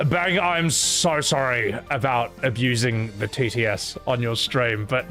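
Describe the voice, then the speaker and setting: A man's voice: mid-range voice, animated, unhurried, a bit bright, faint music behind. A man streaming, chatting casually and animatedly, laughing often and swearing freely.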